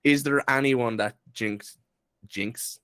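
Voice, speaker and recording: A man's voice: medium pitch, slow pace, a bit bright, clean tone, dry recording. A young man co-hosting a podcast, laid-back with dry humor. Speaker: podcast co-host. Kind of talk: casual chat.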